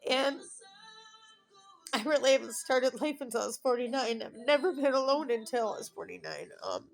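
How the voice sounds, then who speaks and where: Emotional fifty-something woman, quite high-pitched. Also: normal speed, vocal fry, soft background music, rough recording. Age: 50s. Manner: emotional, rambling, tearful at times. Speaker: vlogger. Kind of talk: personal confessional vlog. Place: alone at home.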